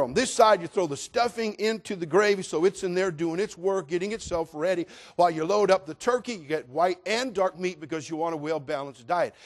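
A man preaching a humorous sermon, telling a comic story with animated delivery and sudden loud exclamations. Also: high-pitched. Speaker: pastor.

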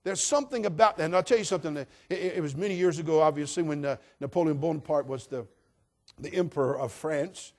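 Brief: male pastor, higher-pitched voice, folksy and emphatic, sermon delivery. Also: fast. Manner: folksy, emphatic, swinging from hushed to loud.

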